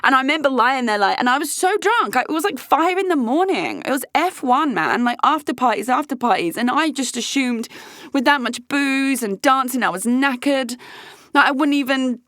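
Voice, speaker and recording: A woman's voice: sits high, expressive, normal speed, fairly bright tone, dry recording, clean studio sound. A woman, talking frankly and casually to her viewers and swearing freely. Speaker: host. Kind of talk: candid casual chat.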